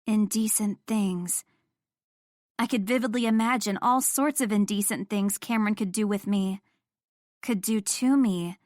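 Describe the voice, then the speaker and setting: A woman's voice: medium pitch, measured pace, darkish tone, no echo, studio quality. A young woman narrating a first-person romance audiobook in an intimate storytelling manner.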